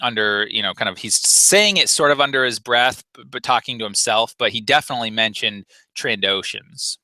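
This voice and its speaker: A man's voice: mid-range voice, fairly quick, pushed and bright, dry recording, low-quality recording. A man narrating a tabletop game as game master, casual and full of fillers.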